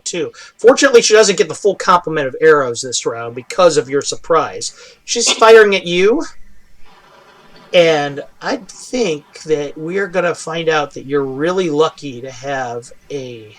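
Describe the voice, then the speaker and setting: A man running a tabletop game as game master, narrating action with frequent pauses and fillers. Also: on the high side, lively intonation, a bit bright. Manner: halting, with many fillers.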